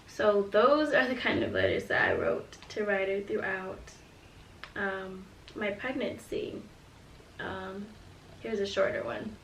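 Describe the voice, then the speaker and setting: A woman's voice: mid-range voice, sing-song, takes it slowly, creaky, fairly bright tone, reverberant, recorded from a distance, slight background noise, rough recording. A woman in her twenties telling her pregnancy story in a casual storytime vlog, earnest and reflective as she speaks openly about hard times. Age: 20s.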